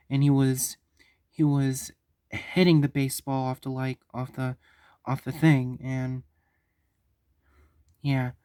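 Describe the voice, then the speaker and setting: A man telling a story on his vlog, halting and stumbling, often repeating himself. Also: medium pitch, dark tone, no echo, clean studio sound. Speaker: vlogger.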